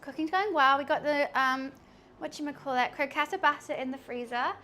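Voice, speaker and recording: A young woman cooks in her home kitchen while live streaming, chatting casually with viewers, poking fun at herself and laughing often. Her voice sits high and sounds sharp, and she talks fairly quickly.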